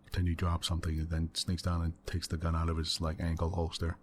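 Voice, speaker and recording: A deep-voiced man talks quietly as the host of an ASMR gaming session. He meanders through a long story with soft chuckles and many fillers, close to a desktop mic. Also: completely flat delivery, fast, a little hiss or hum. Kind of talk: soft-spoken ASMR let's play chat.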